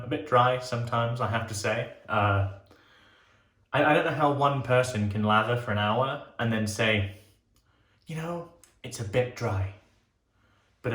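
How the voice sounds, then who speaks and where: A man chatting his way through a shave in a relaxed, easygoing way, with the odd swear word when he gets excited. His voice sits at an ordinary middle pitch, and the small room around him echoes noticeably. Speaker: shaving channel host. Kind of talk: casual shaving vlog talk. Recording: roomy, echoey sound.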